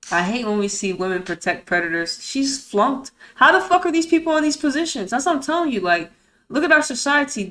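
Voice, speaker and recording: A woman's voice: medium pitch, a bit bright. A woman streamer in a mid-range voice reads from a document, then cuts in with outspoken, profane commentary. She peppers her takes with slang and pointed rhetorical questions, and her indignation runs all through it. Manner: blunt, profane and indignant, breaking into heated rants. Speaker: streamer host. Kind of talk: reading a report aloud with live commentary.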